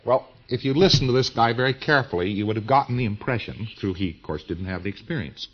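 A man's voice: mid-range voice, expressive, quick pace, muffled recording. A man giving an informal lecture in a folksy, emphatic way, with slang and repeated phrases.

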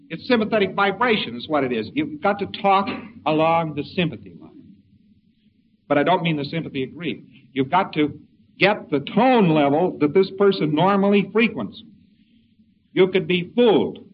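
A man giving an informal lecture in a folksy, rambling way with wry asides. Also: a little high. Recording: dull lo-fi recording with faint hiss.

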